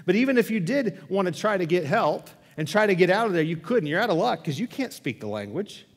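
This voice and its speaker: High-voiced pastor in a reverberant hall. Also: male voice, sing-song, brisk. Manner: conversational storytelling with repeated restarts. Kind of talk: sermon. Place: church sanctuary. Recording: long church hall reverb.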